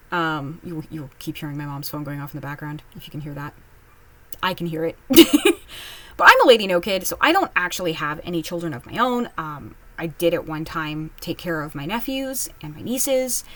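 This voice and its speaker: A woman giving casual reaction commentary while reading online posts at home, chatty and candid, with quick asides. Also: on the low side, big pitch swings, fairly bright tone. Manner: chatty, candid, quips and mimics others in asides. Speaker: online post reader and commentator.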